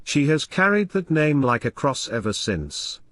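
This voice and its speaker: A worn-out young mother of three, her words heavy with sarcasm and fatigue, voiced by a male audiobook reader. The delivery sits a touch lower and softer than the narration, while still moving around in pitch. The sound is dry and close, with no room around it. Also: sing-song, a little slow, dry recording. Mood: bitter. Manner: weary and sarcastic. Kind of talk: audiobook dialogue reading.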